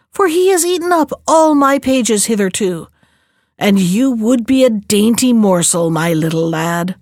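A woman voicing a bossy, overworked giantess who talks in loud, commanding tones. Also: medium pitch, dry recording, studio quality. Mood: gloating. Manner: loud, commanding, mock-sweet.

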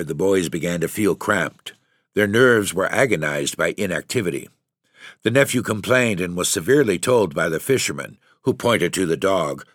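A man reading a literary short story aloud in a measured way, lifting his voice for the characters' lines. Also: low-pitched, a bit bright, dry recording, clean studio sound. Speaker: narrator.

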